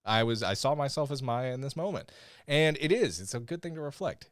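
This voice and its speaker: A man's voice: mid-range voice, expressive, brisk, clean tone, dry recording, clean studio sound. A young man co-hosting a podcast, chatting casually and animatedly, swearing freely and acting out quoted lines. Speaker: podcast co-host. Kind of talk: casual chat reviewing a TV episode.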